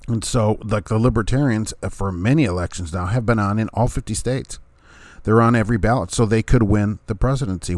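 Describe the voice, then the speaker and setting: A man with a fairly low voice talks in a loose, unscripted rant, firing off rhetorical questions and briefly acting out what other people say. The sound is dry and close, with almost no room in it. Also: a little mellow, dry recording. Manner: ranting, rhetorical questions, chuckles, acts out others' words. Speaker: vlogger, former third-party candidate. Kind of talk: casual opinion monologue.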